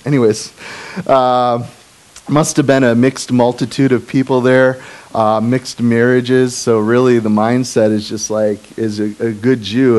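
A man's voice: medium pitch, a little slow. A male pastor preaching a casual, joking sermon, full of asides and fillers. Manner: animated, jokey, with asides and fillers.

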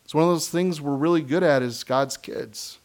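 Pastor preaching earnestly with laughs. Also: male voice, on the high side. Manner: earnest, emphatic preaching with frequent laughs and quick asides; acts out quoted voices of kids and believers. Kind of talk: sermon.

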